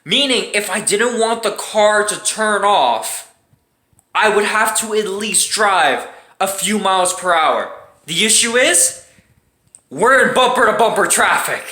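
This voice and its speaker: A woman telling a casual storytime vlog with animated, dramatic delivery and plenty of swearing. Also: mid-range voice, measured pace. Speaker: storytime YouTuber. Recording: roomy echoing room.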